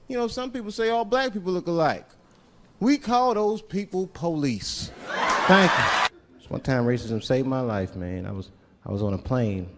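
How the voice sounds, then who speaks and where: Profane, high-voiced male stand-up comic. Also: lively intonation, measured pace, fairly bright tone, long reverb tail, a little hiss or hum. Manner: profane, drops to low murmured asides. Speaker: stand-up comedian. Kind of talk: stand-up comedy storytelling. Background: crowd laughter.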